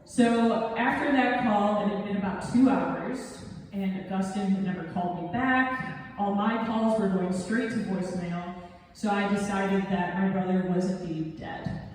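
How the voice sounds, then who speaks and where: A woman's voice: mid-range voice, measured pace, a little hiss or hum. Young woman storyteller on stage, wry and self-mocking, heard distant in a reverberant theatre. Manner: self-deprecating comic timing. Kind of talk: live storytelling performance. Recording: echoey hall recorded from afar. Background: audience laughter.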